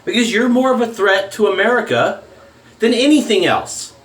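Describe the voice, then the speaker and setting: A man with a drawl vents in a blunt, profane home-video rant. His voice sits a little high for a man. The sound bounces around a hard, echoey room. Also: expressive, normal speed, fairly bright tone. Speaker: shaving vlogger. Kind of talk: angry political rant.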